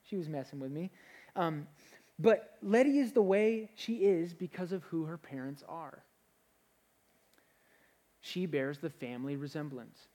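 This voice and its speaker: A man's voice: on the high side, unhurried, pauses often, dark tone. A young man preaches a sermon with energy, speaking in a conversational way. He often stops to restart a phrase before pressing on. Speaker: pastor.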